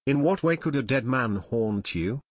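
A man voicing a level-headed teenage boy detective who speaks calmly and tersely. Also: medium pitch, moderate pace, breathy edge, no room sound, studio quality. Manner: calm, terse, questioning.

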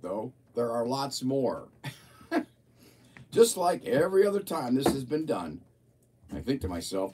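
Lively-voiced man, talking from off the mic. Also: mid-range voice, distant mic, a little hiss or hum. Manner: chatty, amused, playful mimicking of voices. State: a bit of a frog in his throat. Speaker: livestream host. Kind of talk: casual chat and reading a viewer's report aloud.

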